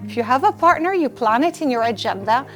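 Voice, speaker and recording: A woman's voice: high-pitched, lively intonation, a little fast, faint music behind. Earnest woman lecturing with emphatic repetition. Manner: earnest, emphatic, repeats key points. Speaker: lecturer on personal well-being. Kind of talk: live lecture to students.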